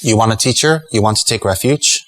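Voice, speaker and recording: A man's voice: on the low side, a little fast, a bit bright, a little hiss or hum, poor audio. A middle-aged man giving a Dharma talk as a Buddhist teacher, emphatic and rhetorical, chuckling at his own jokes.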